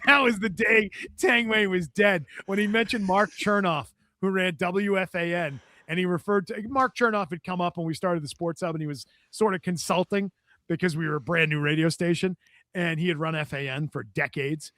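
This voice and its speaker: A man's voice: sits high, moderate pace, dry recording, studio quality. A man guest on a podcast telling a story in casual chat, laughing often and acting out what others said. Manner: animated storyteller, laughs often, acts out quotes.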